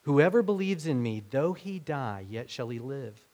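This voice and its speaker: A man's voice: mid-range voice, animated, measured pace, darkish tone. Conversational man preaching a sermon. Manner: conversational, acts out quoted speech with rising emphasis. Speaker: pastor.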